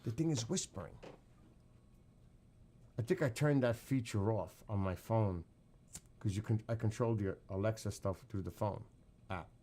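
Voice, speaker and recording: Casual streamer guy, fairly low voice, swears a lot, loose chatty storytelling. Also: moderate pace, pauses often, mellow. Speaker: livestream host. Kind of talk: casual livestream chat.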